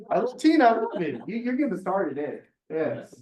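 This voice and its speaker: Enthusiastic and talkative, a male host leads a real estate office meeting, repeating words as he rallies people. His high-pitched, slightly mellow voice swoops wildly in pitch at a measured pace. He's far from the mic in an echoey large meeting room, heard from afar.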